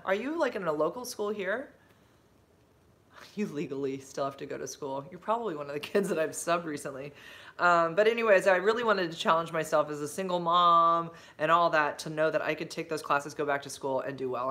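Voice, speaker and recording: A woman talks into her phone on a casual livestream, drifting between stories and viewer comments. She rambles, loses her thread, and fills the gaps with ums and likes. When something delights her, her voice leaps up in bright, gushing bursts. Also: deep voice. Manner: rambling and chatty, full of fillers and side-tracks; effusive, with big bright jumps when excited. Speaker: livestreaming vlogger and substitute teacher.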